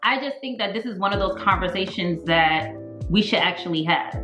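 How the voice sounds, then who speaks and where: A woman's voice: medium pitch, moderate pace, sharp tone, roomy sound, faint music behind. A woman co-hosting a casual chat, speaking in a candid, emphatic and opinionated way. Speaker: podcast co-host.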